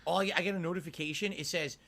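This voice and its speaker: A man co-hosting a casual livestream chat, telling rambling stories in an animated way with plenty of filler words. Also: on the high side, racing, gravelly.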